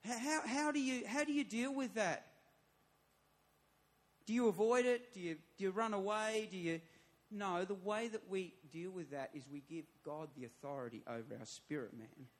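A man's voice: high voice, moderate pace. A man, a church pastor, preaching a sermon, emphatic and repeating his phrases as he builds to raised appeals.

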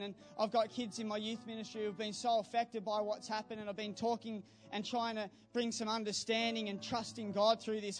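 High-voiced youth pastor preaching. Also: male voice. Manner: earnest preaching, building to fervent exhortation. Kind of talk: sermon. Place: church service.

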